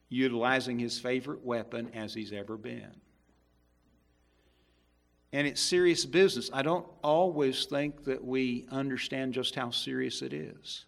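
A male preacher delivering a sermon, emphatic, swinging between loud stresses and hushed asides. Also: mid-range voice.

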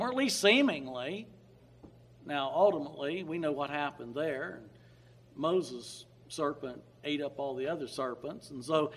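High-pitched, emphatic preacher man. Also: fairly bright tone. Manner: dynamic, rising to emphatic peaks on key words; drawls slowly through scripture readings. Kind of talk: sermon.

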